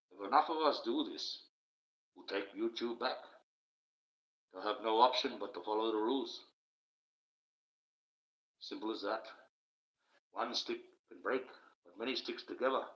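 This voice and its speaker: Heard through roomy, dull, lo-fi stream audio, a man hosts a live stream from his home at night. His fairly low voice has a fairly bright tone, and he gives an emphatic, meandering monologue while thanking viewers in chat.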